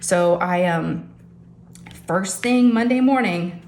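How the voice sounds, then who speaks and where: Middle-aged woman vlogger, chatty storyteller, lowish voice, echoey home room. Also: slow, a little hiss or hum. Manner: chatty, animated, addresses viewers as y'all. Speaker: crafting vlogger. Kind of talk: casual storytelling chat. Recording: echoey room with faint ambience.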